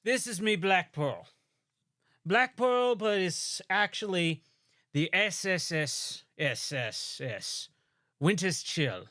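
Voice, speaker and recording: A man's voice: high voice, animated, takes it slowly, sharp tone, dry recording, clean studio sound, pitched above the performer's own voice, full character voice. A man voicing a jolly, rum-loving male pirate sailor in pirate slang, with game music behind him. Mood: boastful. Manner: pirate slang, boisterous and drawn out.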